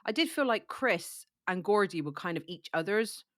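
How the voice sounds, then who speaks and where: A woman's voice: mid-range voice, animated, moderate pace, no room sound, clean studio sound. A woman with a cold chatting casually about a book, full of "like" and restarts. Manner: chatty, lots of likes and restarts. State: has a cold, coughing. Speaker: book discussion co-host.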